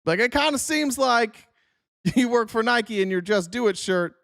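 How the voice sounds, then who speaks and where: A man's voice: very high voice, lively intonation, normal speed, gravelly, fairly bright tone, no room sound, clean studio sound. A man hosting a political commentary show, talking bluntly and sarcastically with frequent swearing.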